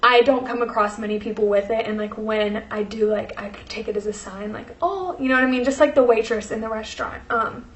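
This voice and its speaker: A woman's voice: medium pitch, little pitch movement, fairly quick, few pauses, fairly bright tone, reverberant. A young woman vlogger telling a personal story in casual chat, full of fillers, emotional and close to tears. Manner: chatty, many fillers, tearful and laughing.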